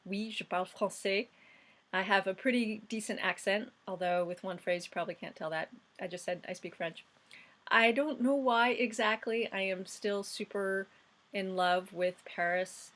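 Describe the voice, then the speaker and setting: A woman's voice: medium pitch, moderate pace, fairly bright tone. A woman, reminiscing in a chatty casual vlog monologue. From United States. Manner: chatty and reminiscing, with fillers and restarts. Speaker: vlogger.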